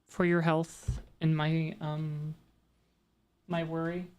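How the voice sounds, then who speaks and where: Rambling, chatty woman streamer, low voice. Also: flat delivery, slow pace, darkish tone, smooth. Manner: rambling, chatty, talks straight to her chat. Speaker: VTuber streamer. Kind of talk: casual livestream chat.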